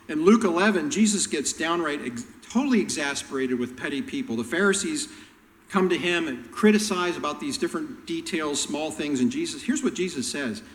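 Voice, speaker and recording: A man preaching a sermon, telling Bible stories and acting out the characters' lines with animated voices. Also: fairly high pitch, fairly quick, in a large hall, poor audio. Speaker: pastor.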